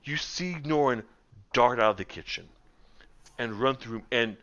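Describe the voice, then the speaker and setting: A man's voice: medium pitch, measured pace, clean tone, lo-fi sound. A man narrating as game master in a casual online tabletop game, with many fillers. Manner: animated, with fillers.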